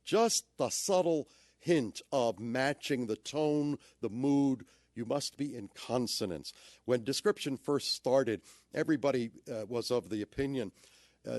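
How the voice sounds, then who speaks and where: A man lecturing about description, playful and theatrical as he demonstrates how delivery changes meaning. His pitch swings widely. The sound is close and dry. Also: expressive, measured pace, no room sound. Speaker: audio describer giving a talk.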